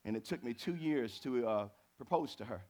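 A middle-aged pastor preaching a sermon, swinging from low, chatty asides to high, fervent climbs. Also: male voice, animated, normal speed, darkish tone.

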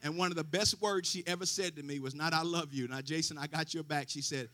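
A man's voice: fairly high pitch, steady tone, quick pace, hardly any pauses, sharp tone. A man preaching a sermon, quoting scripture with folksy asides and rising fervor. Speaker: pastor.

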